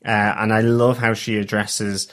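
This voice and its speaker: A man's voice: lowish voice, little pitch movement, unhurried, fairly bright tone. Eager man gushing over a show. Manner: enthusiastic, restarts often. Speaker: podcast co-host. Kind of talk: casual review chat.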